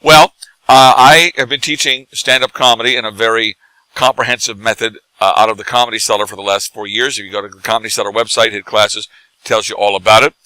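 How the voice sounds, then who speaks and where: A middle-aged man, drunk, telling animated stories in casual bar chat as a guest who acts and teaches comedy. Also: on the low side, fast talker, clear, resonant tone, no room sound, low-quality recording. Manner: animated, laughing, tipsy anecdotes.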